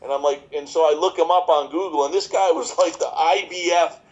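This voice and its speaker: A man's voice: fairly high pitch, fairly quick, darkish tone. A man in his fifties rambles through his answers in a podcast interview. He jokes and restarts his sentences often, leaning on fillers. The audio is a little dull and lo-fi. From New York. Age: 50s. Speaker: chiropractor guest.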